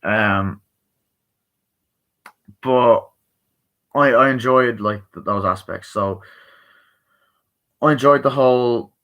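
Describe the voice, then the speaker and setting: Speaking slowly with long pauses, a weary man talks through a film in a loose, profane review full of fillers and false starts. His voice is mid-range with a sharp edge.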